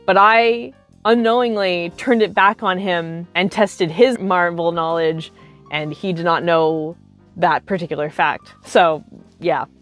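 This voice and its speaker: A woman in her thirties tells convention stories to her viewers, casual and animated, leaning on "like" between nearly every phrase. Her voice sits on the lower side for a woman, with soft music playing faintly underneath. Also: a little slow. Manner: chatty, animated, heavy use of filler "like". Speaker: cosplay vlogger. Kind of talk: casual storytime.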